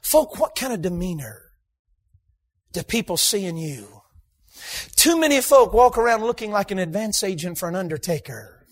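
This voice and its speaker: A man preaching a sermon in a church, emphatic, bursting into shouts for emphasis and slipping in humorous asides. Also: high voice, sing-song, normal speed. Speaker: guest preacher. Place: church sanctuary.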